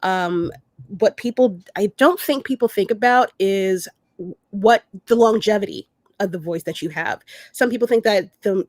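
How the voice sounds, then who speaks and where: A woman's voice: mid-range voice, darkish tone, no room sound. A woman hosting a casual podcast chat, speaking hesitantly with many fillers and laughing easily. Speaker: podcast host.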